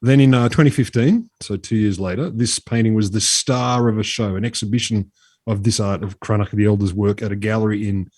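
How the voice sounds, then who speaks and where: A man's voice: lowish voice, steady tone, brisk, a little mellow, no room sound, clean studio sound. A man co-hosting a podcast, telling a story in a chatty, swearing, casual way. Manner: chatty, swears freely, drops into mock voices. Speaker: podcast co-host.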